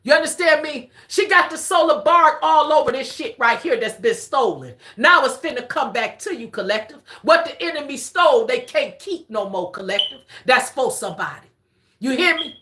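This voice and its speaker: A woman giving a casual spiritual reading on a live stream, excitable and repetitive, swearing freely. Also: high-pitched, normal speed.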